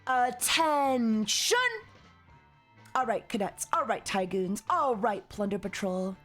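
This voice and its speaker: A woman doing a bossy drill captain, drawn-out commands, high voice, faint music behind. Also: a bit bright. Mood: commanding. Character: barking female drill captain rallying cadets.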